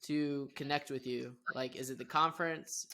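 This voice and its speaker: A man hosting a podcast interview, playful and relaxed in a casual chat. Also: mid-range voice, normal speed. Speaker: podcast host.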